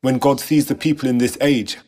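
A man reading a scripted sermon narration in a measured, solemn way, posing rhetorical questions. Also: medium pitch, fairly even intonation, a little mellow. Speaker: church narrator.

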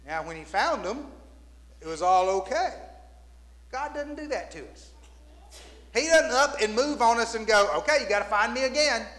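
A man's extremely high, bright, forceful voice carries a sermon in which he, as pastor, tells stories and acts out the voices of the people in them. The church sanctuary adds long reverb.

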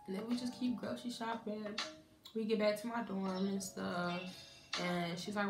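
A woman's voice: mid-range voice, moderate pace, echoey room, music in the background. Candid young woman telling a storytime. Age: young adult. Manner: candid, conversational, acts out family dialogue. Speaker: college student vlogger. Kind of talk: casual storytime.

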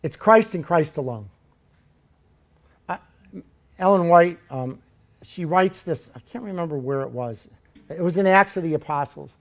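A man delivers a sermon in a church, his voice sitting a little higher than most men's. He tells Bible stories in a lively, joking way and acts out the characters as he goes. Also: unhurried, long pauses. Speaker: preacher.

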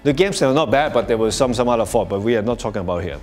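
A man's voice: mid-range voice, lively intonation, rapid-fire, darkish tone, faint music behind. A man presenting at a live workshop to an audience, speaking conversationally with many restarts and "you know"s, and chuckling often as he explains. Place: workshop space before an audience.

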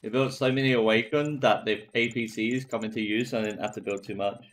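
A young man with a fairly low voice talks through his game on a home live stream. He is laid-back, joking and swearing freely. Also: fairly even intonation, fairly quick. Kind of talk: casual live-stream commentary.

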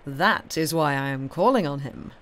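A woman's voice: deep voice, lively intonation, moderate pace, a bit bright. A woman reading the lines of a sneering, carelessly cruel older male colonel in an airy, mocking tone, from a storybook.

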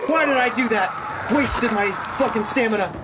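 A man's voice: very high-pitched, normal speed, very noisy. A man giving panicky, swearing, self-deprecating commentary while playing a video game. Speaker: gaming channel host. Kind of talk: gameplay commentary.

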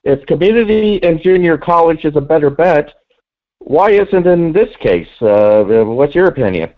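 A male caller speaking hesitantly, pausing often as he asks for advice. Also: a little high, lively intonation. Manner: hesitant, full of pauses. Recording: dull lo-fi phone call.

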